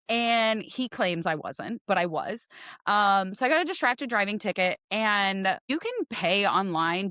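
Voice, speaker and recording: A woman's voice: mid-range voice, dry recording, studio quality. Chatty woman in her forties. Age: 40s. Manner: animated, acts out voices in her retelling. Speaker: podcast guest, realtor. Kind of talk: casual storytelling chat.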